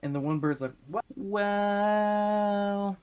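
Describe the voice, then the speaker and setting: A man's voice: medium pitch, moderate pace, darkish tone, slight background noise. A drunk man recapping a movie in a loose, crude, rambling way, often acting out lines in silly voices. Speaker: host.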